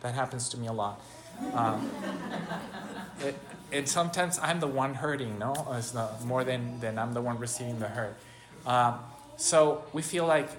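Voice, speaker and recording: A man delivers an informal sermon at a mid-range pitch. He speaks haltingly and often restarts his phrases. He keeps turning to rhetorical questions, with a faint noise in the background. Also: fairly bright tone. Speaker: preacher giving a spiritual talk. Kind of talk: informal sermon, spoken meditation.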